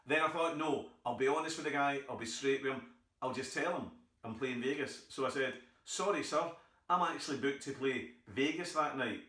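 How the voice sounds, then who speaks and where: A man's voice: medium pitch, pushed and bright. A middle-aged man with a Scottish accent doing a stand-up routine, telling stories and acting out the other people in them. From Scotland. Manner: storytelling, acting out others' voices. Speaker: stand-up comedian. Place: theatre stage. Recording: echoey theatre from far off.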